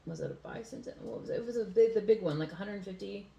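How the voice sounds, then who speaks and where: An American woman co-hosts a casual podcast from home, speaking fast in a mid-range, creaky voice. She rambles with plenty of fillers and laughs easily. The roomy home recording sounds muffled, with crowd noise in the background.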